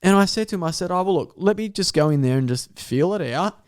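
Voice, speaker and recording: A man's voice: sits high, quick pace, clean tone. A man, a podcast guest telling a wild story in casual chat, swearing freely and acting out the dialogue. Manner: animated storyteller, swears freely, laughs often, acts out dialogue.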